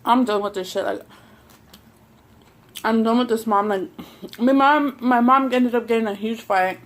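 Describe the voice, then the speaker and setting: A woman's voice: a little high, a little slow. Profane rambling woman telling a story between bites. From Southern California. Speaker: mukbang vlogger. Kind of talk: casual storytelling while eating.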